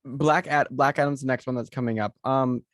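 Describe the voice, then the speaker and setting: A male podcast co-host chatting casually over a video call. He rambles and hesitates, filling gaps with fillers. His voice sits at an ordinary pitch with a dry, close sound. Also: fairly even intonation, fairly quick, dry recording. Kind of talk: casual chat.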